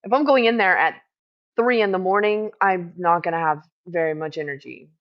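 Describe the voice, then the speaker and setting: A woman who works as a camp medic, retelling a clash in casual chat, swearing freely and talking fast when heated. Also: on the low side, dull audio. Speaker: house medic at a streamed camp.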